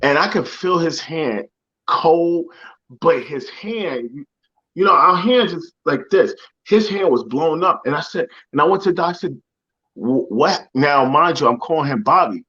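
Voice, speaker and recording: A man's voice: a little high, expressive, normal speed, pushed and bright, lo-fi sound. A man speaking as a motivational guest, telling a personal story in conversation, earnest and often repeating phrases as he searches for words.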